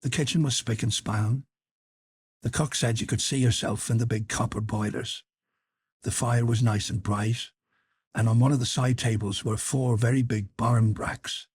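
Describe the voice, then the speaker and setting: A man narrates literary fiction for an audiobook in an even, measured way. His voice sits mid-range with a husky, breathy grain. The recording is dry, with no room sound. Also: medium pitch, no echo. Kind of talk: scripted narration.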